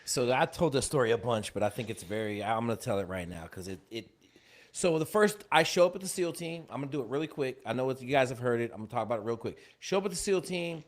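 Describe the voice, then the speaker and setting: A man, a former Navy SEAL, telling a war story as a guest in a casual chat, cursing and lively. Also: mid-range voice, quick pace. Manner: swearing, animated storyteller.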